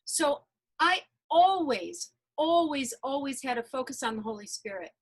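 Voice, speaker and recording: An energy healer appears as an interview guest, telling her personal story earnestly and emphatically and often repeating phrases. Her voice sits high and is expressive at a moderate pace, on a rough recording.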